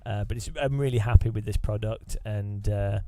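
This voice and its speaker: A man's voice: on the low side, steady tone, normal speed, warm tone, no echo, natural voice. A man voicing a smarmy male podcast host who hawks supplements in a mock-salesy, upbeat way full of filler. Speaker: streamer.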